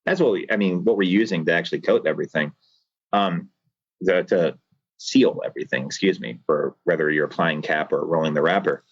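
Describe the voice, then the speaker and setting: A man's voice: deep voice, brisk, slightly rough, dry recording. A man, a cigar factory owner, guest on a podcast, talking at length with passion and some rambling over a video call. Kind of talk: earnest reflective monologue. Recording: dull lo-fi video call audio.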